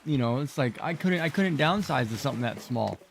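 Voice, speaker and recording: A man's voice: mid-range voice, expressive, brisk, gravelly, faint music behind. A middle-aged man streaming a game, chatting casually in a rambling, exclamatory way and talking back to the characters on screen. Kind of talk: casual chat while playing.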